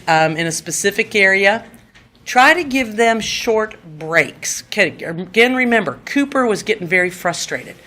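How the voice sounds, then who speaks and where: Lively woman teaching a seminar. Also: medium pitch, a little hiss or hum. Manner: animated, acts out quotes to children, frequent "okay?" checks. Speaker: seminar presenter. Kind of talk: lively teaching talk to an audience.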